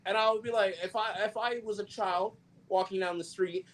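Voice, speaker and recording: Male podcast co-host, fairly high voice, jokey and loose, swears a lot. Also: a little fast. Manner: profane, joking, animated. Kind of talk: casual chat.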